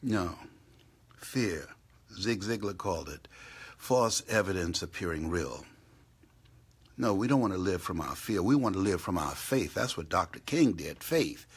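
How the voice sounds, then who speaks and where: Gravelly man, fiery and impassioned. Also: sits low, expressive, unhurried. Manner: fiery, swings from hushed whispers to loud outbursts. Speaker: motivational speaker. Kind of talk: impassioned live talk. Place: hotel room. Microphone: live stream.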